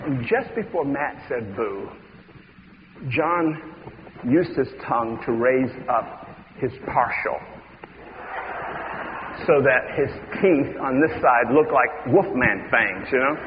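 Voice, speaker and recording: A man preaching a sermon, telling stories with dramatic swings from hushed tones to shouts. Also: medium pitch, slow, a little hiss or hum. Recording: dull reverberant hall recording.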